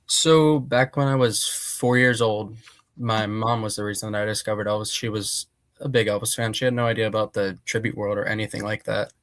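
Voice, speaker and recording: Young man from Pennsylvania, low voice. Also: fairly even intonation, fairly quick, a bit bright, no echo. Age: young adult. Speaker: guest. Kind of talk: casual interview answers.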